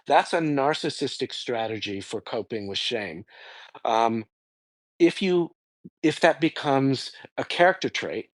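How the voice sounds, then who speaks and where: A man, a psychotherapist guest in an interview, explaining his views in a lively conversational way and acting out quoted dialogue. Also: medium pitch, dry recording. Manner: animated storyteller, acts out quoted dialogue.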